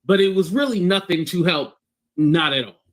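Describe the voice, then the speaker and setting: Man with a slightly high voice, talking politics. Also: normal speed. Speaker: political commentator. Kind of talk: opinion commentary.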